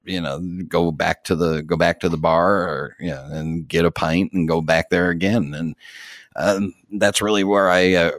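A deep-voiced American man talks through a casual podcast conversation. He rambles comfortably, with many fillers and small laughs. The sound is dry and close. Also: moderate pace, no echo. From United States. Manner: relaxed and rambling, with frequent fillers and soft laughs. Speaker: podcast host. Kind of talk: casual chat.

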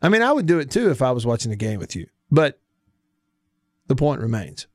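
A man with a mid-range voice hosts a casual sports talk radio show, reading listener texts in a folksy, chatty Southern accent. He sounds very animated and talks a little fast. The studio mic gives a dry sound with no room echo.

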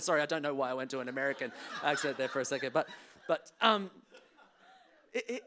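A man, a clinical psychologist, giving a playful, animated conference talk on emotional health. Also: mid-range voice, a little fast. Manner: animated, playful, acts out voices. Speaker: guest speaker, clinical psychologist.

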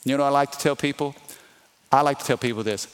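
A middle-aged pastor from Louisiana, speaking with a Louisiana Southern accent, preaches emphatically and calls on the congregation to respond. His mid-range voice is steady, fast, and smooth.

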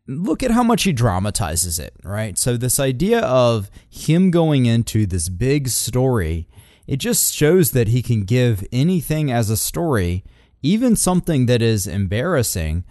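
A man giving casual commentary on a speech clip, relaxed and full of fillers. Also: medium pitch, measured pace, no echo, clean studio sound. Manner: relaxed, many fillers, breaks off to mimic quotes.

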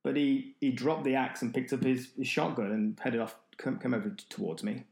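A man's voice: medium pitch, fairly even intonation, a little fast, gravelly, darkish tone. A man who is an endurance runner, telling a story as an interview guest, rambling with many restarts. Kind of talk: storytelling in conversation.

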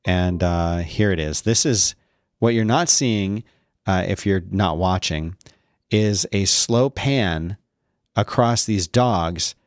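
A man's voice: low-pitched, slow, dry recording, clean studio sound. A man hosting a casual solo podcast, rambling with sarcastic, mock-outraged complaints. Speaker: podcast host.

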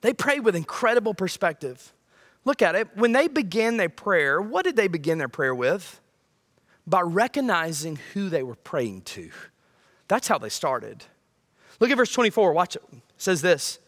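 A male pastor preaching a sermon, swinging between loud high bursts and quiet low lines. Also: very animated, normal speed.

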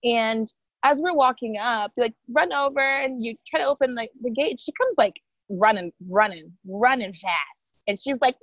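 A woman's voice: fairly high pitch, normal speed, no room sound, dull audio. A woman guest on a podcast, telling a personal story in casual chat and acting out the voices of the people in it. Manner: animated, quotes others in lively voices.

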